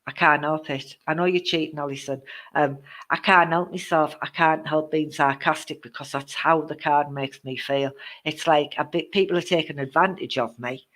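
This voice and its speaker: A woman's voice: deep voice, fairly even intonation, normal speed, fairly bright tone. A woman hosting a live-stream card reading, chatty and teasing her viewers, with many ums. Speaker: psychic card reader.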